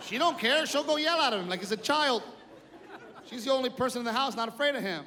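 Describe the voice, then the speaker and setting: A man's voice: extremely high pitch, animated, fast talker. A man performing profane storytelling stand-up comedy on a live stage into a handheld mic, with crowd laughter. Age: adult, older than in youth. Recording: live club, reverb and crowd.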